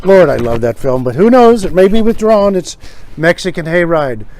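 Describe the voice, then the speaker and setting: Guy with a high voice doing a jokey casual monologue, wry, acts out old comedy bits. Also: expressive, normal speed, darkish tone. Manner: joking, wry, acts out quoted gags. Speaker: host.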